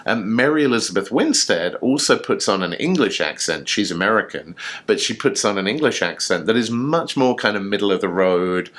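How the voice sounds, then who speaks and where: A man's voice: on the low side, animated, normal speed, fairly bright tone. A man co-hosting a casual chat show, telling a story in an enthusiastic, chatty way with fillers. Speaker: podcast co-host.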